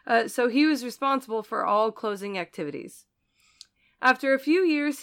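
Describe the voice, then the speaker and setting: A woman's voice: a little high, a bit bright, clean tone. A woman co-hosting a casual chat show, reading a listener's story aloud and laughing often. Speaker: podcast co-host reading listener stories.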